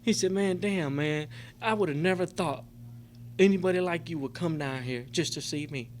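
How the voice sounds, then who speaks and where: Middle-aged man, slightly high voice, emotional testimony, profane, rambling, "man" and "you know" fillers. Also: normal speed, slight background noise. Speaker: recovery convention speaker. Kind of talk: personal testimony to a group. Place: convention meeting room.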